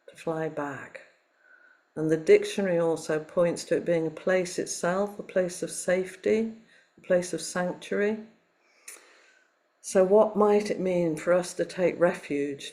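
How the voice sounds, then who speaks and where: Woman, dharma talk, from Liverpool, no local accent, reflective, gentle, pausing. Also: low-pitched. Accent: none, not Liverpool; Southern English. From Liverpool, England. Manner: reflective, gentle, with pauses and fillers. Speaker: Zen teacher giving a dharma talk.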